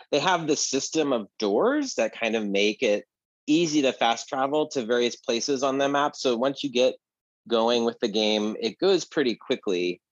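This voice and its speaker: A man's voice: medium pitch, no echo, muffled recording. A man co-hosting a casual chat about video games, rambling with many fillers and restarts. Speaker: podcast co-host. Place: apartment.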